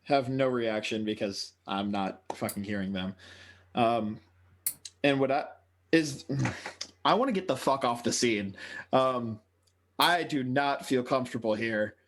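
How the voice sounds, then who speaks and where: A man's voice: medium pitch, a little slow, fairly bright tone, a little hiss or hum. A man playing in a tabletop game, talking casually and hesitantly, with frequent swearing. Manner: hesitant, filler-heavy, swears. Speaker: player.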